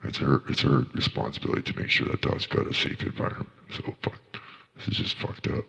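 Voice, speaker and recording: A man's voice: extremely low pitch, brisk, gravelly, fairly bright tone, husky, big-room sound. A man doing casual livestream reaction commentary, ranting in a profane, indignant way.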